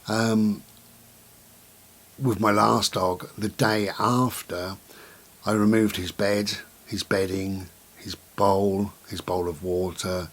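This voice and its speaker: A middle-aged man, talking slowly and gently to the camera in a reflective vlog, with many pauses and repetitions. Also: on the low side. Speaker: vlogger.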